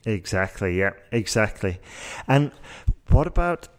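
A man from England with a Yorkshire accent, an IELTS teacher talking through exam tips in a relaxed discussion, often restarting and rephrasing as he thinks. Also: lowish voice, unhurried. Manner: thoughtful, restarts and rephrases as he explains. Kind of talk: casual discussion.

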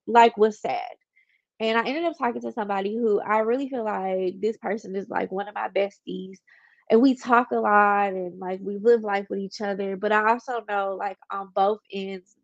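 A woman's voice: mid-range voice, no room sound, highs cut off. Stuffy-nosed woman rambling candidly. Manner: candid, rambling, heavy use of "like". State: congested, stuffy nose. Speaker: podcast host. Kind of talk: casual personal monologue.

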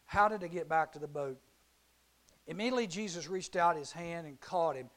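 A middle-aged man giving a youth sermon, telling a Bible story in an animated way and acting out the characters. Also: fairly high pitch, brisk. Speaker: youth speaker.

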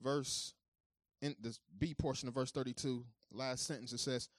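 A man preaching a sermon who moves between calm teaching and loud, high-pitched preaching, talking informally straight to his congregation. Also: moderate pace, no echo, studio quality. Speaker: pastor.

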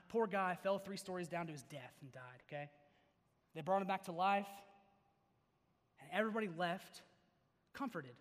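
High-voiced young preacher in a reverberant hall. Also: male voice. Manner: animated, joking, swings from loud to hushed. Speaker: youth pastor. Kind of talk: sermon. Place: large hall before an audience.

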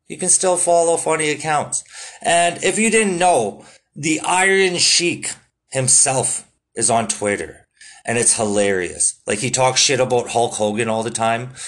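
A man talks through his podcast in a loose, rambling way. He swears in nearly every sentence and leans on fillers like "you know" and "um". His voice sits at an ordinary middle pitch. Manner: laid-back, swears constantly, lots of fillers. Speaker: podcast host. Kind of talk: casual solo podcast talk.

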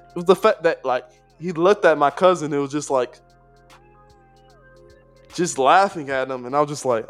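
A man with a fairly high voice talks through a casual podcast conversation. He rambles, stacks fillers and restarts, and swears freely. Faint music sits under his voice. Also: normal speed, a bit bright. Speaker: podcast co-host.

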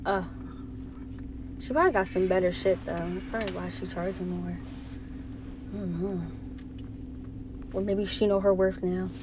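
A woman's voice: mid-range voice, normal speed, pauses often, background noise. Blunt, profane young American woman. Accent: American English, Delaware. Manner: blunt, profane, animated storytelling. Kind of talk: casual chat.

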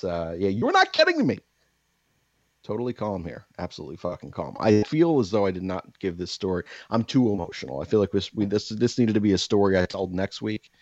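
Podcast host guy, real deep voice, ranting and cussing, kinda dull muffled audio. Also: no echo. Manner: rambling, profane, venting with mock-calm outbursts. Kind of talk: casual chat.

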